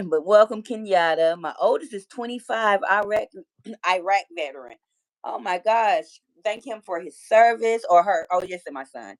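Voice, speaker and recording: A woman's voice: mid-range voice, expressive, normal speed. Chatty Detroit woman livestreaming. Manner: chatty, playful trash talk. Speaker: livestream host. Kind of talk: casual livestream chat reading comments.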